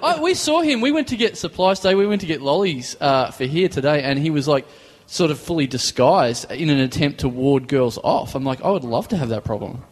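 A man's voice: on the high side, expressive, fairly quick, hardly any pauses. An Australian man hosting a live comedy show, asking questions in a playful joking way. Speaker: host. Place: bar stage before a live audience.

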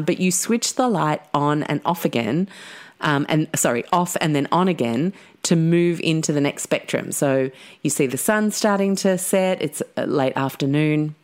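A woman hosting a podcast, reading an ad in a chatty, enthusiastic way with many fillers. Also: low-pitched. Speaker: podcast host. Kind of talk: podcast intro and ad read.

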